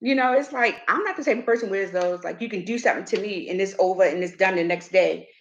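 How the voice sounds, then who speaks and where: A middle-aged woman hosting a casual chat, telling a personal story in an animated way and acting out what others said. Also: medium pitch, fast talker, muffled recording, slight background noise. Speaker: host.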